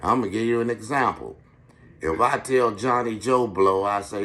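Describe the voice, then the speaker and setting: A man's voice: fairly low pitch, expressive, moderate pace, gravelly, a bit bright. Blunt, profane middle-aged man. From Washington, D.C. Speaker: podcast host. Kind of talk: street-wise monologue storytelling.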